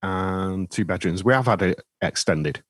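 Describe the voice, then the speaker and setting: A man from England with an English accent, a podcast guest with a dry, deadpan humor. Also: low voice, unhurried, no room sound. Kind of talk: casual podcast chat.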